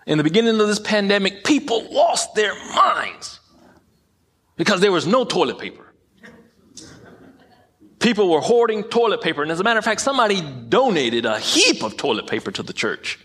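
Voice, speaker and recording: A man's voice: high-pitched, very animated, fairly quick, fairly bright tone, husky. A man preaching a sermon in an emphatic way, often repeating phrases and tripping over his words. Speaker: pastor.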